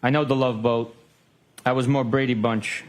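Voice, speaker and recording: A man in court reading text messages aloud in a flat, measured way. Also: mid-range voice. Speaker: witness reading texts.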